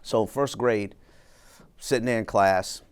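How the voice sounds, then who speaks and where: Low-voiced middle-aged male executive. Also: clear, resonant tone. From Brooklyn, New York. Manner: measured, reflective, acts out quoted dialogue. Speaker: interview guest, executive. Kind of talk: conversational storytelling.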